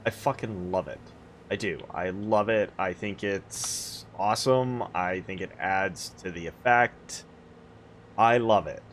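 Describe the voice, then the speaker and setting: A laid-back man, a fellow streamer, talking in casual chat with some swearing. His voice sits low. A faint noise floor is heard under him. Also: a little slow. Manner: easygoing, swearing.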